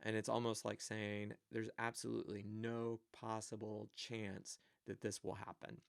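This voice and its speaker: A man's voice: on the low side, monotone, measured pace, gravelly, smooth, no echo, studio quality. A man teaching a recorded grammar lecture, explaining step by step with frequent fillers. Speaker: Greek teacher.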